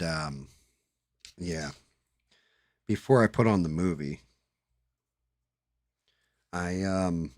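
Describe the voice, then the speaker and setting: A man's voice: low voice, no room sound. A man hosting a live stream, chatting casually and swearing as he paints at his hobby desk, talking into a headset. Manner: profane, mutters to himself while working. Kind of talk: casual chat while painting.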